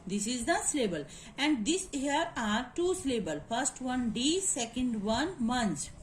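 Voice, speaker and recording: Woman teacher, high voice, slow deliberate pace, spells out sounds one by one, faint hiss behind. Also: sing-song, rough recording. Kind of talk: phonetics lesson walkthrough.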